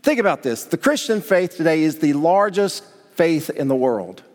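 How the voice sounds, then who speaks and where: A man's voice: a little high, very animated, moderate pace, a little mellow. A male pastor preaching a sermon, talking conversationally and asking the congregation rhetorical questions. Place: church sanctuary. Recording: long hall reverb.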